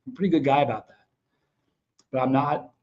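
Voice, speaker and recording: A man's voice: medium pitch, fairly quick. Fired-up blunt man hosting a livestream. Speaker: host of a livestream show. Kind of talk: casual livestream talk to viewers. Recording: dull lo-fi sound.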